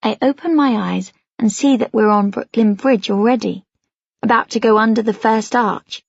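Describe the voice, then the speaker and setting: A woman narrating a first-person novel for an audiobook in a gentle, even storytelling manner. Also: on the high side, normal speed, gravelly, husky, no echo, highs cut off.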